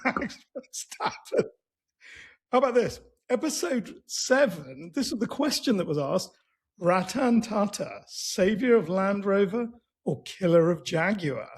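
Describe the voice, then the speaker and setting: A man with a high, slightly husky voice co-hosts a casual podcast chat. He speeds up and gets excitable when he recounts favourite moments. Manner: quick, excitable, laughs while recounting. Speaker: podcast co-host.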